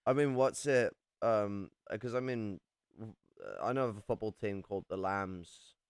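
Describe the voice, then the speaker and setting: A man's voice: on the low side, measured pace, clean tone, dry recording, clean studio sound. A young man from England in casual chat, rambling and swearing a lot as he talks.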